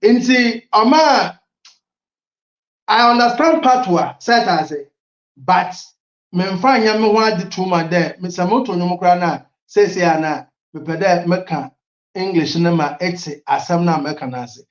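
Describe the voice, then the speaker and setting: Recorded with a roomy sound and the highs cut off, a middle-aged man from Ghana speaks at a moderate pace in a high-pitched voice with a Ghanaian accent. As an interview guest in casual conversation, he tells lively stories, switches between languages, and laughs a lot.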